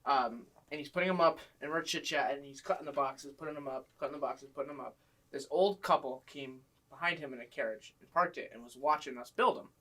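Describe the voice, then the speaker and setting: A man telling funny stories from his old job in casual chat, animated and swearing freely. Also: mid-range voice, fast, far from the mic. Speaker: guest storyteller.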